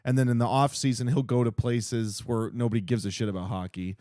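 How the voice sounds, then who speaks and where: A man's voice: medium pitch, fairly even intonation, a little fast, dark tone, no echo, studio quality. A man co-hosting a casual book-review podcast, candid and sarcastic, swearing freely. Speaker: podcast co-host.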